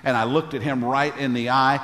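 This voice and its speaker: A man's voice: mid-range voice, steady tone, fairly quick, fairly bright tone. Male pastor preaching in a reverberant hall. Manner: emphatic preaching with repeated phrases; calls on the congregation for amens. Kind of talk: sermon.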